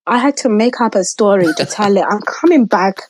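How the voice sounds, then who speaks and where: A woman's voice: mid-range voice, brisk, darkish tone, dry recording, rough recording. A woman guest telling a personal story, acting out quoted voices and dropping to near-whispers.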